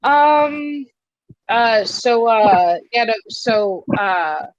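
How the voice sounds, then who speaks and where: A woman's voice: fairly high pitch, lively intonation, extremely slow, muffled recording. A woman running a tabletop game as game master, speaking unhurriedly with many hesitant fillers.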